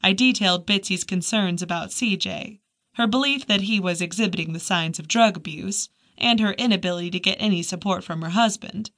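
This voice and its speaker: A woman's voice: mid-range voice, fairly quick, fairly bright tone. Woman reading a mystery audiobook. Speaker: audiobook narrator. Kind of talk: scripted narration of a mystery novel.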